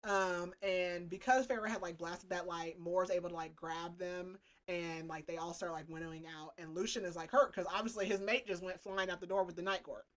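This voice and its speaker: A young woman co-hosting a podcast, recapping a novel in casual chat, animated and filling her talk with "like" and "um". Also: on the low side, moderate pace, hardly any pauses. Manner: animated, full of "like" and "um". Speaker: podcast co-host.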